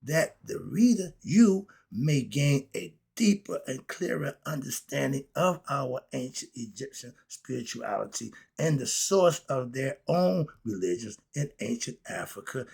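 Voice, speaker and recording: A middle-aged man teaching spiritual philosophy, preachy and excitable, firing rhetorical questions at his listeners. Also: medium pitch, unhurried, vocal fry, few pauses, breathy edge. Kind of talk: spoken lesson.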